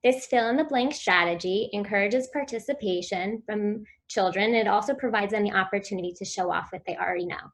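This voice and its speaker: Speaking at a virtual conference, a woman teaches about speech therapy in a clear, instructive manner, occasionally demonstrating sounds as she would for children. She has a medium pitch and talks a little fast with few pauses.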